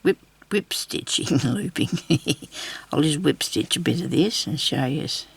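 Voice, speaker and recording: This craft video host is an Australian woman speaking a little slowly in a deep, creaky, slightly rough voice with no echo. She walks through a casual tutorial at her craft table, rambling and muttering to herself along the way.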